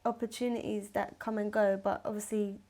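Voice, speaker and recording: A woman's voice: medium pitch, flat delivery, a little fast, dark tone. A young woman, chatting casually as a podcast guest, swearing freely and full of slang and fillers. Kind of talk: casual chat.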